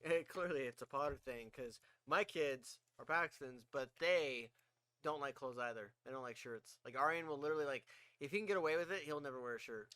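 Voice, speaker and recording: With a mid-range, pushed, bright yet smooth voice and no echo, a man co-hosts a casual podcast at a slightly fast pace. He laughs a lot and swears as he rambles through his stories.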